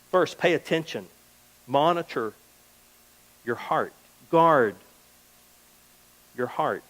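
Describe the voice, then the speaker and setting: A man's voice: high-pitched, poor audio. A male pastor giving a sermon in a conversational way, acting out little everyday exchanges as he goes. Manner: conversational preaching, acts out little quoted exchanges. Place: church.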